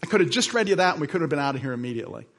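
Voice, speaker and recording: Male pastor preaching, slightly high-pitched, drops soft then builds to emphatic peaks, casual anecdotes. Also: lively intonation, very fast. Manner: dynamic delivery, swinging between soft lows and emphatic highs; conversational storytelling with asides. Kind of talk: sermon.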